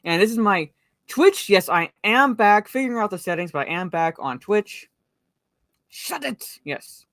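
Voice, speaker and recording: A medium-pitched woman with lively intonation and normal speed runs a casual stream about a movie. She's chatty, welcoming viewers, reading chat out loud and using frequent fillers, all in dry, clean studio sound.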